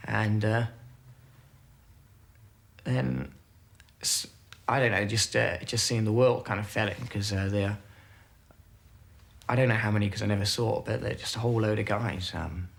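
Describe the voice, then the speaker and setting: A man, a former military airman, recalling events haltingly in a documentary interview, with many pauses and fillers. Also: lowish voice, fairly even intonation, vocal fry.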